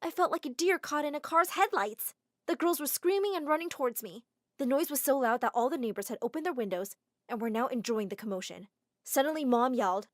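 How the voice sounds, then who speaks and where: A woman narrating a first-person animated drama story in an expressive, dramatic way. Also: fairly high pitch, a little fast, no echo, studio quality.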